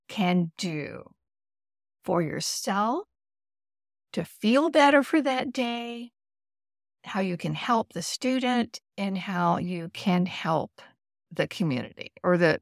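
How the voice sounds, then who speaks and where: A woman's voice: mid-range voice, no room sound, clean studio sound. A woman principal hosting her own podcast, speaking candidly to fellow principals and laughing at herself now and then. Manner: candid, laughs at herself, acts out parent voices. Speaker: podcast host, school principal. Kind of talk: solo podcast talk.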